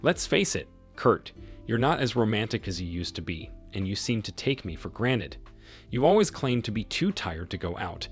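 A man reading the lines of a cool, self-assured wife who leaves her husband, calm and firm. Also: lowish voice, moderate pace, faint music behind.

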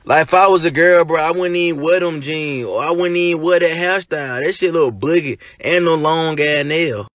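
A young man, talking in casual comedic commentary, animated, slangy and quick to laugh and swear. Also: on the high side. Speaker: content creator.

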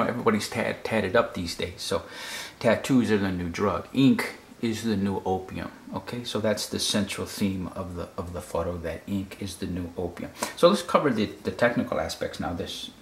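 A man's voice: fairly low pitch, a little hiss or hum. Man explaining a photo in a roomy echo. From United States. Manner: repeats words, checks in with "okay?". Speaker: photography critic. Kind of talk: casual explanatory commentary.

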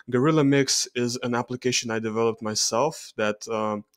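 A man's voice: on the low side, dry recording. A man with a Russian accent, explaining charts in a hesitant voice-over with frequent fillers and self-corrections. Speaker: genetics video creator.

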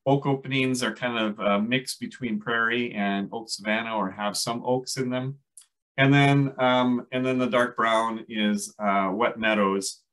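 Minnesota-accented man, ecologist teaching a casual plant class, chatty and halting with lots of ums and restarts. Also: medium pitch, steady tone, fairly bright tone, rough recording. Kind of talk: casual lecture on native plants.

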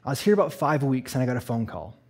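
A man from Eastern Canada telling a personal story in a sermon, animated and laughing, acting out the voices. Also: medium pitch, fast, breathy edge. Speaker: church speaker.

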